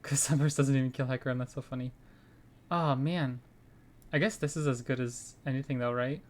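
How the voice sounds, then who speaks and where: A man's voice: medium pitch, fairly even intonation, fairly quick. A man streaming a card game, chatting casually and thinking aloud about his plays and giving frank opinions into a desk microphone at home. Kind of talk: casual gameplay commentary.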